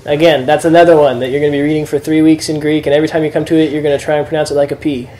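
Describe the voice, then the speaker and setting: Mellow-voiced man teaching a small group. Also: a little high, very fast, poor audio. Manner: relaxed, chatty, with fillers and laughs. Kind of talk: casual classroom teaching.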